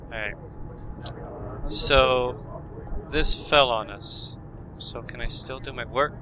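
A man doing let's-play commentary, talking to himself in a frantic way and bursting out loudly. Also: mid-range voice, very slow, background noise. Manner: frantic self-talk with loud outbursts. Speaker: gaming commentator.

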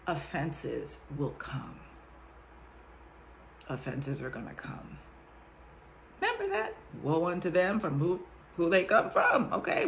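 A woman's voice: lowish voice, creaky, slight background noise. A woman chatting casually to her viewers about her faith and the lessons she has learned, often breaking into laughter. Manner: animated, laughs often, addresses viewers directly. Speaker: vlogger sharing a faith testimony. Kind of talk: casual testimony chat.

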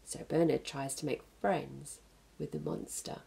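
A woman at a children's centre reading a picture book aloud to young children, pausing to explain the story gently. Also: deep voice, steady tone, creaky, a little hiss or hum.

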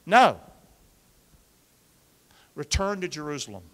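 A male pastor preaching an animated call-and-response sermon, coaxing the congregation to repeat after him and using football pep-talk imagery. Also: on the high side, takes it slowly. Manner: energetic, coaxes the congregation to repeat lines. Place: church sanctuary with a congregation. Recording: long reverb of a large church hall.

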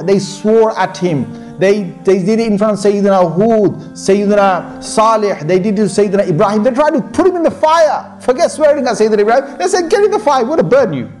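A man delivers an informal sermon in a fairly high voice, speaking conversationally and circling back over his own phrases. He drops into Arabic recitation now and then. Faint music plays softly under the recording. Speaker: sheikh giving a talk.

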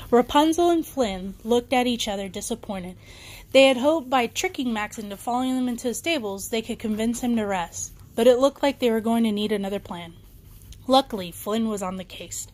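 A woman's voice: fairly high pitch, moderate pace. Woman reading a bedtime story. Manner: warm reading with small slips and restarts.

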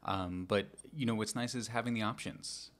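Low-voiced man co-hosting a casual chat. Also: normal speed. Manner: informative, steady, many fillers. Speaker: co-host.

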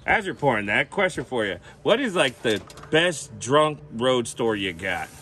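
Brash joking male host, bright tense voice. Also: mid-range voice, sing-song, normal speed. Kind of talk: casual chat, interviewing a guest. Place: outdoors, hot day.

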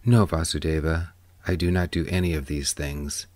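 A man reading the part of a troubled older father who speaks softly and sadly. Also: extremely low pitch, steady tone, normal speed, dry recording, voice pushed down. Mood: sorrowful. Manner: soft, sad, subdued. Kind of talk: audiobook reading.

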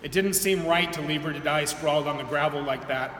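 A man reads his own fiction aloud in a steady, measured way, his voice sitting fairly high. The sound is roomy with a long hall reverb, and a faint hum of the space lies underneath. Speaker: author reading his novel. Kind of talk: live reading of fiction. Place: museum reading event, large indoor hall.

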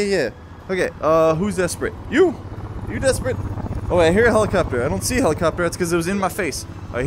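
A man giving excited, laughing commentary while playing a game, talking to the planes. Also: fairly high pitch. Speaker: gameplay streamer.

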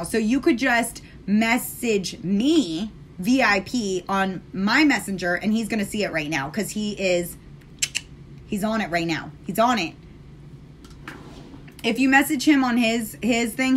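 A woman's voice: mid-range voice, slight background noise. An American woman hosting a casual live stream while doing her makeup, chatting sassily with her viewers. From United States. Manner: chatty, sassy, talks straight to viewers.

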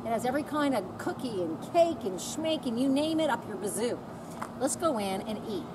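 Bubbly jokey woman hosting a dessert show, high and swoopy, noisy bakery around her. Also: expressive, moderate pace, distant mic. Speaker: host. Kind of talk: playful food show chat. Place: small bakery.

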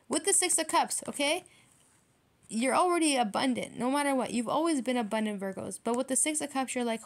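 A woman with a slightly high voice gives a casual tarot reading to her viewers. She talks in a brash, emphatic way and swears often. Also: moderate pace. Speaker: tarot reader.

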